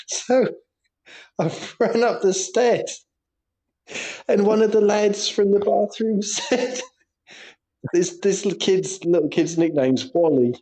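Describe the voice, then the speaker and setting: A man co-hosting a casual football podcast, telling animated stories with lots of laughter and swearing. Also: sits high, measured pace. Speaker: podcast co-host; primary school teacher.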